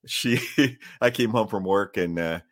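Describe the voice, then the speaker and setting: A man co-hosting a casual talk show, playful and quick to laugh. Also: lowish voice. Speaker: co-host. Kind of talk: casual chat.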